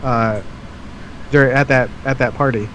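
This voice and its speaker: A man's voice: medium pitch, fairly even intonation, unhurried, over a noisy crowd. A man hosting a casual chat and leading into the next segment. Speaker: podcast host.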